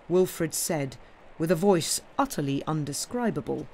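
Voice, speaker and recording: A man with a slightly high voice reads a classic mystery aloud on a live stream. His narration is steady and even. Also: a little slow, slight background noise. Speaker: reader.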